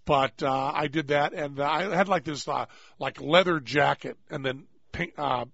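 A man hosts a radio talk show, rambling through stories with jokes and easy laughter. His voice sits a touch high. The studio sound is dry and a little dull. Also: vocal fry, a bit bright, dry recording. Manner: rambling, jokey, quick to laugh. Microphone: studio microphone.

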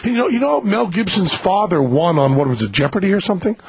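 A man hosting a radio show, rambling in a jokey way and acting out little comic bits in a raspy voice. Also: high voice, lively intonation, fast. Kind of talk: casual comedic chat. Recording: muffled radio broadcast.

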